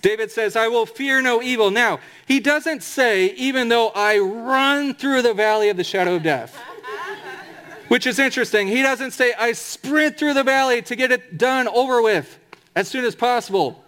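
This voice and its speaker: Male pastor with a high voice, emphatic sermon delivery that slows to stress scripture. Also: fairly bright tone. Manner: emphatic preaching with slowed, drawn-out scripture quotes.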